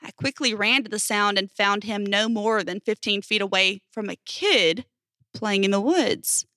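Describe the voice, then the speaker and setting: Female storyteller, bright tone, dry booth sound, casual delivery. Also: mid-range voice, a little slow, dry recording. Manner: casual storytelling with emphatic swearing. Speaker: narrator reading posts. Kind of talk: reading stories aloud.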